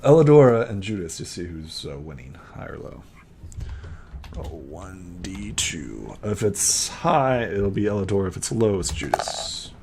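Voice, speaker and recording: A man running a tabletop game in a loose, chatty style, with a very animated, swinging pitch. He giggles often and fills pauses with ums and uhs, over a faint background hiss. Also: gravelly. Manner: casual, giggly, many fillers. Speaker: game master.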